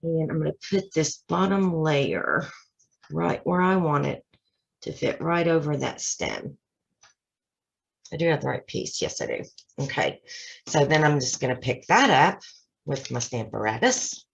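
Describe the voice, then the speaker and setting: A woman's voice: low-pitched, measured pace, vocal fry, long pauses, husky. A woman hosting a casual card-making tutorial at her craft desk, chatting her way through each step with self-deprecating asides. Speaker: craft channel host. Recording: slightly dull lo-fi sound.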